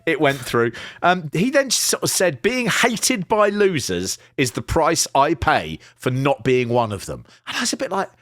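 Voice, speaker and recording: A man chats on a podcast, his voice swooping up and down as he laughs and acts out quotes. He pitches a little high, and the sound is close and dry, with no room at all. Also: very animated, a little slow, few pauses, a bit bright, no room sound. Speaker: podcast co-host. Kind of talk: casual comedic review chat.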